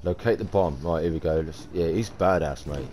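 Man, low and mellow, casual slangy game commentary, a little rambly. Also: moderate pace, soft background music. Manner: chatty, rambling, slangy and blunt. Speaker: gamer streamer.

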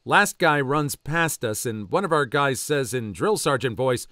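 A man reading online stories aloud as narrator, with quick asides of his own between them. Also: medium pitch, no room sound, studio quality. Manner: animated storytelling with quick asides. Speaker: story narrator.

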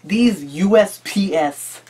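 Casting: male vlog host, slightly high voice, loose rambling delivery, profane and jokey. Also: slow, a little mellow, slightly rough. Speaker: YouTube collector channel host. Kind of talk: casual chat.

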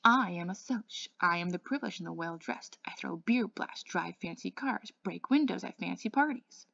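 A woman's voice: on the low side, animated, normal speed, gravelly, fairly bright tone, highs cut off, exaggerated voice. A woman reading the part of a clowning, wisecracking teenage greaser, cheerful and theatrical. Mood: snobbish. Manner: cheerful, clowning, snobbish put-on. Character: Two-Bit, wisecracking joking teenage greaser.

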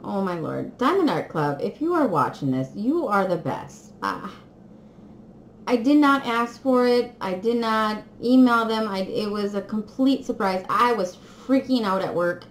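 An excitable woman gushes to her viewers in a casual unboxing chat, her pitch swooping up and down as she giggles. She sounds as if she is in an echoey room, with a faint hiss behind her. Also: measured pace. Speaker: crafting vlogger.

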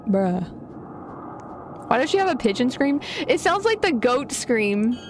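High, lively young woman streamer. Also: a little slow, slight background noise. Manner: excitable, gasping and giggling, chatting to viewers. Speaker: gaming streamer. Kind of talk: live gameplay commentary.

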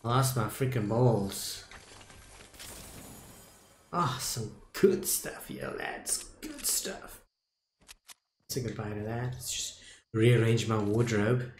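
A young South African man streaming a video game, talking casually to his viewers, muttering at times and loudly dismayed at others. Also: mid-range voice, takes it slowly, pauses often, reverberant, a little hiss or hum. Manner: talks to viewers as "dudes" and "boys", swings from muttering to loud dismay. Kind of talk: casual live gameplay commentary.

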